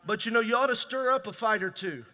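A man's voice: extremely high pitch, quick pace, bright, forceful tone. A man preaching a conversational, emphatic sermon as pastor in a large church hall.

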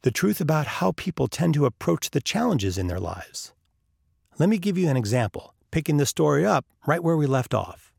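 Gravelly man telling a story. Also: fairly high pitch, big pitch swings, moderate pace, darkish tone, dry recording, studio quality. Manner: acts out characters' lines in the story. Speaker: podcast host. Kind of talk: podcast storytelling.

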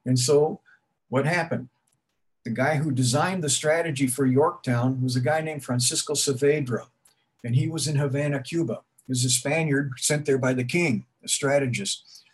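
A man's voice: medium pitch, normal speed, husky. A middle-aged man giving an informal history talk to an audience, conversational and rambling, with frequent restarts and asides. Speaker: museum speaker giving a talk.

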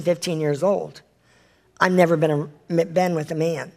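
Bible study leader reading verses then preaching, earnest, asks the group questions, trips over words and fixes them, mid-pitched voice. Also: steady tone, a little slow, creaky, darkish tone. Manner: stumbles and corrects self while reading aloud. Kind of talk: live Bible study teaching with scripture reading.

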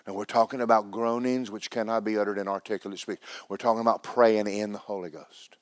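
A man preaching a sermon, loud and emphatic at times and sinking to a hushed near-whisper at others. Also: fairly low pitch, steady tone, brisk, dry recording, studio quality.

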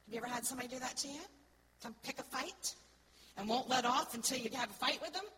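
An earnest woman speaking to a church congregation in a slightly high voice. She keeps checking in with her listeners and drops to soft, slow phrases before pushing key words loudly. The live recording carries a clear hiss of room noise behind her. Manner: earnest, asks the congregation "right?" often; swings between soft, slow words and loud stressed ones. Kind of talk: sermon-style teaching.

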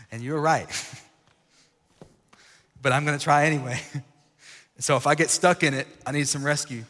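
A man in his late twenties preaching a lively, jokey sermon, swinging between loud exclaiming and hushed asides. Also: a little high, measured pace, pauses often. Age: late 20s. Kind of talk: energetic youth-style sermon. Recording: long reverb of a large hall.

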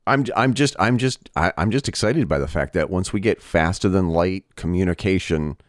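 A man co-hosting a podcast in casual chat, animated and tripping over restarts when excited. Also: deep voice, normal speed, no echo, clean studio sound. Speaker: podcast co-host.

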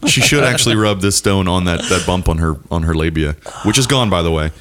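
A man in his thirties hosting a casual comedic podcast chat, telling crude stories about his wife and mimicking her. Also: fast. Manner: animated storytelling, mimicking his wife in a high voice. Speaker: podcast host.

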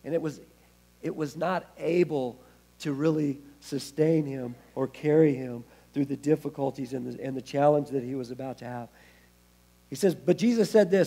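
A man preaching a sermon as pastor, expressive, with wide swings in loudness and casual, laughing asides. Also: on the high side, moderate pace, creaky, husky.

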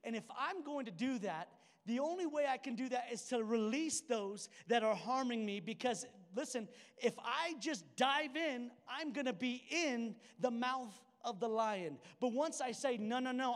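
A young pastor tells stories from the pulpit in a casual way, slipping into the voices of the characters and acting out their dialogue. His voice sits high for a man, and the large church hall leaves a long, trailing reverb on the sermon.

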